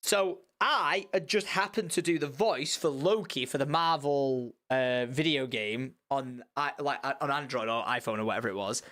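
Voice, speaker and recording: A young man telling a story on a live stream, animated and rambling, with swearing and many restarts. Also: medium pitch, normal speed, few pauses.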